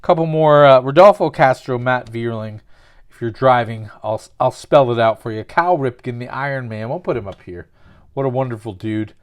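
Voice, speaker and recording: A man's voice: mid-range voice, normal speed. A man with a mid-range voice chatting his way through an opening. He rambles, jokes and pokes fun at himself as he goes. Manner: rambling, jokey, self-mocking. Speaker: sports card collector opening packs. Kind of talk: casual pack-opening commentary with absurd storytelling.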